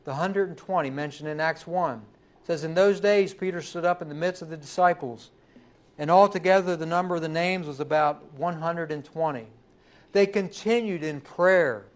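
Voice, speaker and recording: Male pastor, slightly higher voice, emphatic sermon delivery in church. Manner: emphatic preaching, rising and slowing on key words.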